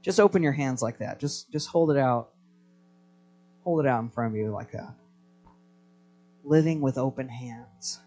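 A man's voice: mid-range voice, normal speed, long pauses, mellow, soft background music. A man preaching a live sermon to a congregation, telling stories with energy and prompting the crowd to respond. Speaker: pastor.

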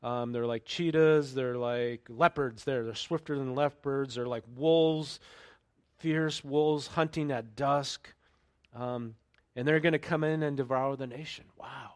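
A male pastor preaches in an easygoing, conversational manner, with plenty of fillers and quick check-ins with his listeners. His voice sits at an ordinary middle pitch, and it lifts higher and louder when he reads scripture aloud. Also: steady tone. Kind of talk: sermon.

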